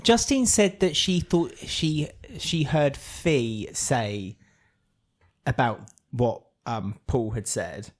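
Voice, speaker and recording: Lively man chatting on a podcast. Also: mid-range voice, slow pace. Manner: lively, laughs often, acts out quotes. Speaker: podcast co-host. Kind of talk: casual chat.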